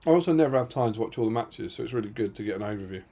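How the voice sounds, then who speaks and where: A man's voice: fairly low pitch, lively intonation, very fast, vocal fry, warm tone. A man from Britain co-hosting a tabletop gaming live stream, chatting casually with dry, self-mocking humour.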